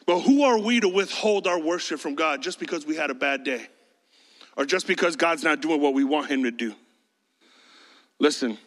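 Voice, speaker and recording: A man preaching a sermon in a lively way, acting out voices and speaking straight to the congregation. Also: a little high, moderate pace, long pauses. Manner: animated, acts out quoted voices, addresses the congregation as y'all. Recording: reverberant hall.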